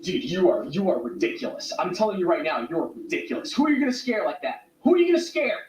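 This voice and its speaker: A man's voice: sits high, wildly swooping pitch, fast talker. An actor playing an exasperated, sarcastic man who has completely run out of patience, heard as distant, roomy clip audio.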